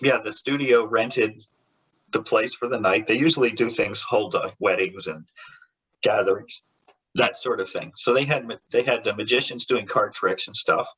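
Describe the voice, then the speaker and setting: A man's voice: fairly low pitch, normal speed, fairly bright tone, slightly rough, dull audio. A man who works as a comic book artist, a guest in a casual interview. He tells rambling stories with many restarts and laughs, and briefly acts out the voices of the people in them.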